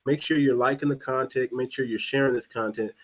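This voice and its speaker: A man's voice: mid-range voice, fairly even intonation, brisk, low-quality recording. A man hosts a live-streamed talk show, chatting casually with his co-host and viewers. He thinks aloud as he types and searches, with a voice in the middle of the usual range. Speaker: podcast host.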